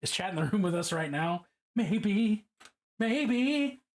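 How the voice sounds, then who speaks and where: A man's voice: fairly high pitch, fairly even intonation, fast talker. A man from Baltimore chatting casually on a live stream while painting miniatures alone in his room, profane, rambling and self-mocking.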